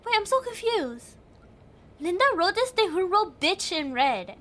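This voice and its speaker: A woman's voice: very high-pitched, big pitch swings, a little slow, sharp tone. A young woman streaming a game, thinking aloud in casual chat, giggly and chatty. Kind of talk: casual live game commentary.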